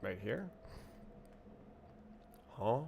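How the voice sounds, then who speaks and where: Slow-talking man muttering while coding. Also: on the low side, big pitch swings, creaky, muffled recording, a little hiss or hum. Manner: muttering to himself while typing, puzzled and halting. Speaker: streamer coding live. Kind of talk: casual livestream coding chat.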